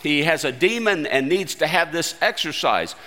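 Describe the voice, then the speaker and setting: A man preaching a sermon with emphatic delivery, swinging between loud stressed phrases and quiet low asides. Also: expressive, normal speed, in a large hall, faint music behind.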